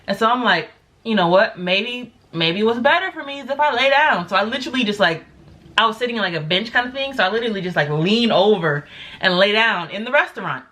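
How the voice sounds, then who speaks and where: A young woman vlogger telling a story casually, acting out quotes with big jumps in her voice. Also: fairly quick. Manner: animated, acts out quotes with big pitch jumps.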